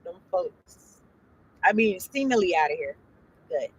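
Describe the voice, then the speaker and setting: A woman's voice: fairly low pitch, big pitch swings, measured pace, husky, highs cut off. A woman doing a casual tarot reading, reading card text aloud and then riffing on it in a loose, profane, chatty way. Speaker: tarot reader.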